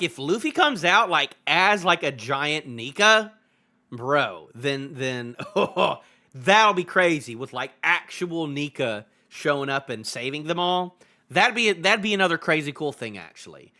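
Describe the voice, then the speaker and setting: Young man, live stream reaction, excitable, laughs often, repeats himself, bright tense voice. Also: fairly high pitch, unhurried. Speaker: manga review streamer. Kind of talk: live casual reaction chat.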